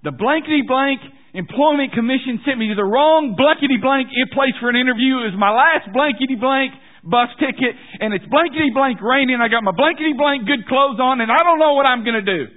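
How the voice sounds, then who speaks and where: A man voicing a frustrated, down-on-his-luck stranger who rants loudly with minced curses, heard through a tinny, phone-like recording. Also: very high voice, brisk, hardly any pauses, voice pushed up. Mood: ranting. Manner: loud, ranting, minced curses.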